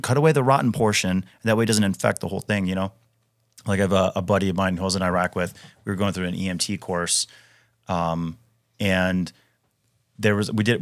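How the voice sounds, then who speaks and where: A man in his thirties talks in a low register, casual and emphatic, leaning on "dude" and restarting his sentences. The sound is dry and close to the mic, with no room behind him. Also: a bit bright, dry recording. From Wisconsin, US. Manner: emphatic, frequent fillers and restarts, says "dude" often. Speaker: podcast guest, retired Navy SEAL. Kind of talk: casual conversational storytelling.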